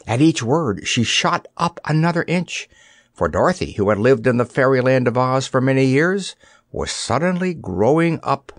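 Here the same kind of male audiobook narrator, at medium pitch, gives an expressive scripted reading of a storybook. His pace is moderate, and the sound is dry and clean, like a studio.

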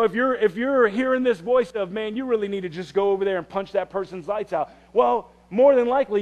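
A man preaching a sermon in a conversational way, often repeating phrases and restarting, and dropping to a hush for quiet passages. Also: high voice. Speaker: pastor.

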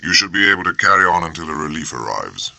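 Man doing calm captain, clipped and businesslike, deep creaky voice. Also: fast talker, no echo, exaggerated voice. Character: calm, reserved middle-aged naval captain.

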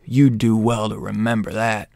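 A man's voice: lowish voice, little pitch movement, normal speed, vocal fry, dark tone. A man voicing a stern, proud male thunder god king who speaks in commanding lines.

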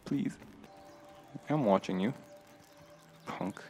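Young male gamer, nervous play-by-play commentary, lively pitch, faint music behind. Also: moderate pace. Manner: jumpy, nervous, talks to himself with frequent laughs and gasps. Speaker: gamer streamer.

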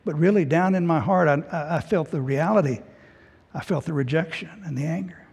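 A middle-aged male pastor giving an emotional personal testimony in a sermon, swinging between loud and hushed. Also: on the high side, fairly quick, gravelly, slightly rough. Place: church sanctuary. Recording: long hall reverb.

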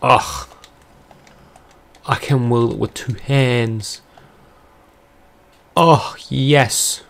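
A man giving casual, foul-mouthed commentary while playing a video game, with loud outbursts at it. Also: medium pitch, steady tone, extremely slow, creaky.

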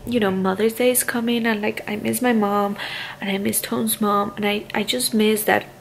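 A young woman, a stay-at-home mom vlogging, speaking haltingly and on the verge of tears in an emotional confessional. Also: medium pitch, little pitch movement, creaky, a little hiss or hum, poor audio. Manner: tearful, halting, many fillers.

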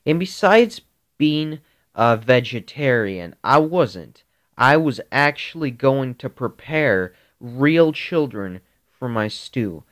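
A man improvising a grisly Halloween story in a rambling, halting way. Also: mid-range voice, expressive. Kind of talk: improvised spoken horror story.

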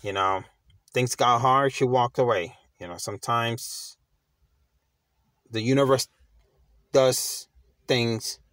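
A man's voice: mid-range voice, takes it slowly, pauses often, a bit bright, no room sound, studio quality. A middle-aged man giving casual, slangy motivational talk, emphatic and repeating himself as he restarts his phrases. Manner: slangy, conversational. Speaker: motivational vlogger.

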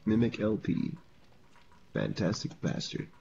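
A laid-back man with a very deep, dark voice cracks jokes while co-playing on a game stream. His audio is a little dull and carries a faint hiss. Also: big pitch swings, unhurried, gravelly. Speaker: co-player. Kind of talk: let's play commentary.

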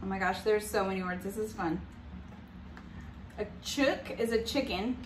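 A woman's voice: mid-range voice, moderate pace. A woman hosting a casual family snack-tasting video, cheerfully leading the kids. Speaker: host. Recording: echoey room, camera from a distance, faint noise.

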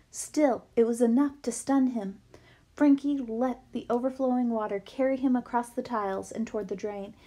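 A woman reading a children's novel aloud with lively storytelling. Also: on the high side. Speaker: book reader.

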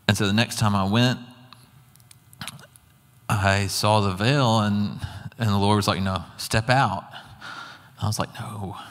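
A man's voice: lowish voice, fairly bright tone, big-room sound. A man giving a sermon that tells a personal story, earnest and acting out his own reactions as he goes. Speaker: guest preacher. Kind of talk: sermon testimony.

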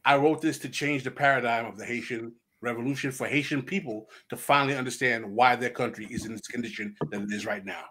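A man, a guest author on a podcast, telling history in an animated way and acting out the quotes. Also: mid-range voice, fast, hardly any pauses, breathy edge. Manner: animated storyteller who acts out quotes. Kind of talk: podcast conversation.

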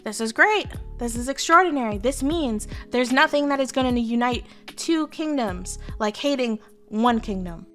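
A woman's voice: on the high side, expressive, moderate pace, hardly any pauses, a bit bright, soft background music. Woman doing a gleeful scheming cardinal.

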